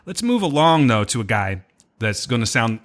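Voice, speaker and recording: A man's voice: medium pitch, normal speed. A man hosting a casual podcast, joking and swearing as he chats with his guests. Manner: joking, profane, animated. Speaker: podcast host.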